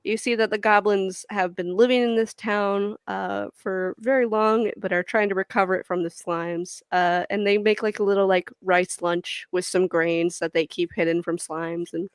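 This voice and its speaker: A woman's voice: medium pitch, normal speed, few pauses, smooth, no room sound. A woman narrating and ruling as dungeon master in a casual tabletop game, explaining with loose fillers. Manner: relaxed explaining, many fillers.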